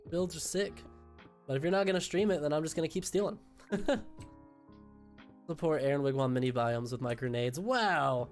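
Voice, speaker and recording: A young man with a voice worn by sickness, chatting casually on a live stream, joking, swearing and answering chat. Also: on the high side. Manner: swearing, jokey, reads chat aloud. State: sick, voice going out.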